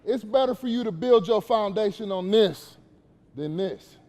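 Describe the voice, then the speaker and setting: A man's voice: high-pitched, expressive, measured pace, warm tone, in a large hall, slight background noise. A man giving a casual, slangy motivational talk to young players at a basketball camp, questioning the kids as he goes.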